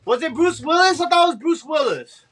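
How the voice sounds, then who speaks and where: A man co-hosting a casual group chat, talking in an excitable, rambling way. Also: extremely high pitch, fairly quick, crowd noise, poor audio. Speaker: co-host.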